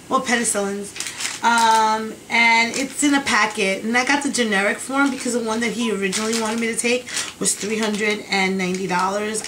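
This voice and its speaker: A woman's voice: medium pitch, noisy background. A woman rambling in a casual video diary, chatty and exasperated as she vents. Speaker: vlogger.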